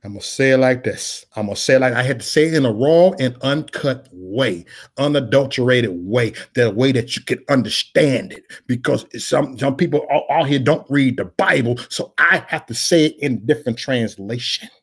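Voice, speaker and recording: A man's voice: mid-range voice, normal speed, slightly rough. A man in his forties with a Chicago accent preaches in raw, unpolished street slang. He repeats his phrases for emphasis and talks straight to his viewers. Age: 40s. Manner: repetitive, emphatic, conversational.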